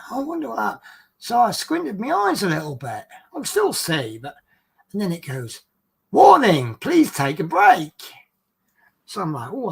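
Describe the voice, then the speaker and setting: A British man, a coach driver, casually telling funny anecdotes on a stream in a chatty, animated way, laughing along at his own stories. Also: fairly high pitch, creaky, breathy edge, low-quality recording. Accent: British English.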